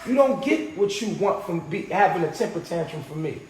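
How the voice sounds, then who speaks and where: A man's voice: high-pitched, fairly quick. A man talking heatedly and profanely in a casual group conversation, acting out what people said. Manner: animated, profane, retells quotes. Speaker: podcast host. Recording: roomy echo with faint noise.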